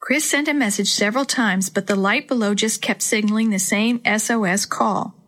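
A woman narrating a children's story aloud in a clear, even storytelling way. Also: medium pitch, normal speed.

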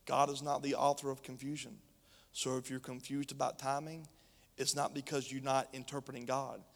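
A man's voice: mid-range voice, flat delivery, normal speed, vocal fry. A male preacher reading scripture and preaching emphatically, speaking straight to his congregation. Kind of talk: sermon. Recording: long hall reverb.

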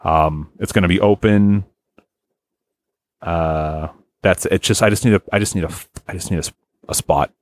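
A man's voice: sits low, steady tone, moderate pace, pauses often, no room sound. A man hosting a podcast in casual chat, rambling and swearing freely with lots of fillers. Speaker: podcast host.

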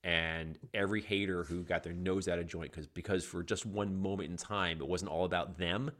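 A middle-aged man chatting on a movie podcast with a slightly low voice. He talks with animated energy, breaks off and restarts his sentences, and laughs often. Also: moderate pace. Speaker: podcast co-host. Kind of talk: casual chat about movies.

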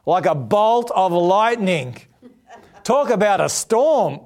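A middle-aged man, a pastor telling a lively personal story in a sermon before turning to prayer. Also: takes it slowly. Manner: animated storyteller, voices quotes with big pitch jumps.

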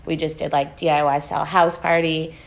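A woman's voice: low-pitched, flat delivery, a little fast, gravelly, slight background noise. A young adult woman, a touring musician and podcast guest, tells a story with lots of swearing, acted-out quotes and laughter. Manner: swears a lot, acts out quotes, laughs often. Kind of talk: animated storytelling.

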